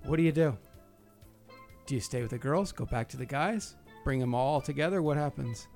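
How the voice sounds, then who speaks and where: A man co-hosting a casual podcast, loud and joking, swearing freely. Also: medium pitch, moderate pace, soft background music. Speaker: podcast co-host.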